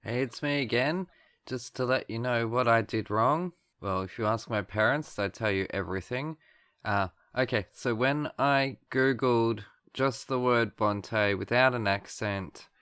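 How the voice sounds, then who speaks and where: A man's voice: medium pitch, a bit bright, clear, resonant tone, dry recording, studio quality. An Australian man hosting a podcast, chatty and self-mocking. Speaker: podcast host. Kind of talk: casual chat.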